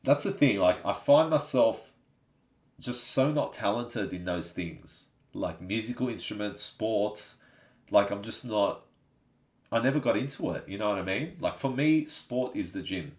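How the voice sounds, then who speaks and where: A man's voice: lowish voice, animated, unhurried, a little mellow. A man with an Australian accent, hosting a live stream in a laid-back, chatty way, reading out and answering viewer comments. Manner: chatty, laid-back, says "you know what I mean" often. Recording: echoey room.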